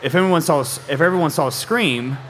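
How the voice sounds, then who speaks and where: A man's voice: fairly high pitch, brisk, a bit bright. A man co-hosting a casual live podcast, rambling and joking as he recaps movie plots in a brewery. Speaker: podcast co-host.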